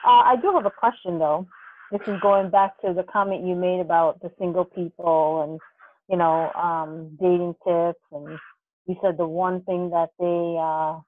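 A woman's voice: lowish voice, steady tone, normal speed, no room sound. Curious, giggly co-host, woman, tinny phone-like dry sound. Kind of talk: casual podcast chat.

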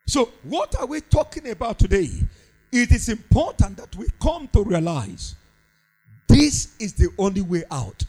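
A man's voice: high-pitched, big pitch swings, moderate pace, dark tone, low-quality recording. A man preaching a sermon, fervent and repetitive, with a sing-song cadence.

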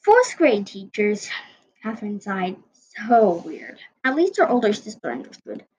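A woman's voice: mid-range voice, sing-song, measured pace, a little mellow, breathy edge. A woman reading her own story aloud in an earnest, uneven way, on a dull lo-fi recording.

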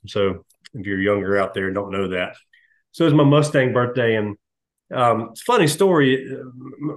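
A man, hosting a podcast and telling stories in a relaxed, chatty way, lively when he quotes others. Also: mid-range voice. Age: 50s. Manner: storytelling, animated when quoting others. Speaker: podcast host. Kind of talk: casual chat.

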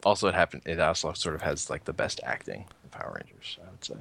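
A man's voice: rumbling low, big pitch swings, quick pace, creaky, fairly bright tone. A man co-hosting a podcast, chatting casually and rambling with frequent restarts. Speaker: podcast co-host. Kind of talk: casual chat.

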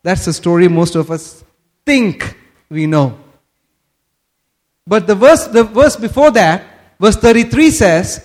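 Guy preaching a sermon real slow, pretty high voice, gets loud and emphatic on the big lines. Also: lively intonation. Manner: slow, rising to emphatic bursts on key phrases; asides while looking up words in his notes. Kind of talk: sermon, reading and explaining scripture.

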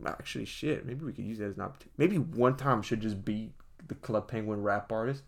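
A man's voice: on the low side, quick pace, gravelly. A young man hosting a casual comedic monologue, joking and slangy, often calling listeners folks.

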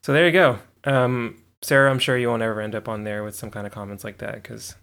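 A man's voice: mid-range voice, steady tone, fairly quick, vocal fry, a bit bright. A man hosting a podcast in loose, casual chat, laughing often between thoughts. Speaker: podcast host.

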